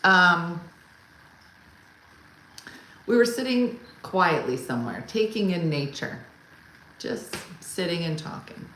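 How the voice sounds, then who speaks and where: A woman hosting a casual comedy live stream, telling wry stories and answering viewer comments as they come in. Her pitch sits on the low side but swings widely, and she takes her time. The room is echoey, with a faint hum behind her. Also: very animated, takes it slowly, pauses often. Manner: chatty storyteller who answers viewer comments; wry and exasperated, imitates her husband loudly.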